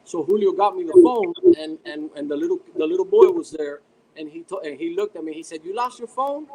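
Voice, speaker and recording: Stammering man with a slightly high voice. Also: a little fast, warm tone, a little hiss or hum, rough recording. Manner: rambling, stammering, repeats words. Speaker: guest. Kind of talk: casual chat.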